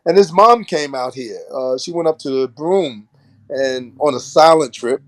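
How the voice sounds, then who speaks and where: A man's voice: a little high, unhurried, dry recording. Older man telling a story. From Brooklyn, New York. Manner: animated anecdote-telling with laughs and acted quotes. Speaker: podcast guest. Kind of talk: storytelling in casual chat.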